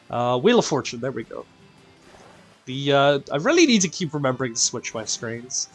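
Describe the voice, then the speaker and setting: Northern Irish male streamer, tired but chatty, self-deprecating, middle pitch, soft music in the background. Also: expressive, normal speed. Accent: mixed Northern Irish. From Northern Ireland. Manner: chatty, greets viewers by name, self-deprecating. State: tired and quieter than usual. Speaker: live-stream raid host. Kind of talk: casual live-stream chat.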